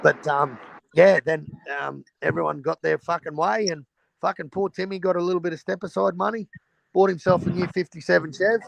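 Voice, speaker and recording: A man's voice: sits high, steady tone, brisk, creaky, slight background noise, rough recording. A man with an Australian accent hosting a stream, chatting about boxing bluntly and swearing freely. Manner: blunt, sweary, mate-heavy banter. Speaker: stream host. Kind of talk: casual boxing chat.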